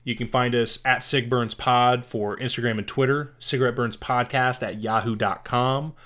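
A man's voice: medium pitch, steady tone, moderate pace, a bit bright. A man co-hosting a podcast, giving casual, rambling movie recommendations and correcting himself as he goes. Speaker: podcast co-host.

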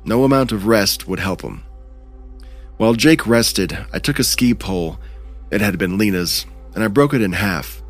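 A low-voiced man telling a first-person horror story, measured and tense in his pacing. Faint music plays softly beneath his voice. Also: animated. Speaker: narrator.

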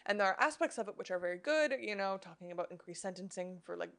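A woman's voice: mid-range voice, lively intonation, fast talker, vocal fry, fairly bright tone. Chatty female podcast co-host. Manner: chatty, explains simply, frequent "you know" and "right?". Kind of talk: casual faith-based chat.

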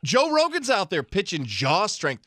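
A man with a slightly high, very lively voice that swings up and down as he teases his co-host in casual chat. He fires off quick follow-up questions. The sound is dry and close. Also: dry recording. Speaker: sports radio co-host.

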